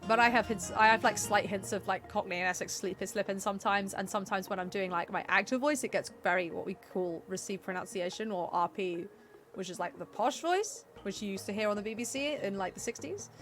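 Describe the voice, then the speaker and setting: A woman's voice: mid-range voice, a little fast, fairly bright tone, faint music behind. A woman with a Southern English accent, chatting casually and rambling as she streams a video game, laughing often. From England. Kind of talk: casual gameplay commentary.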